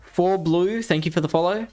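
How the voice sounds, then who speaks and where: A man's voice: high-pitched, normal speed, a little mellow, faint music behind. A man with an Australian accent hosting a live game stream, chatting casually with viewers and laughing at himself as he plays. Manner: casual, chatty, laughs at himself, thinks aloud while playing. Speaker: streamer and show host. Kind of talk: live-streamed game commentary and chat reading.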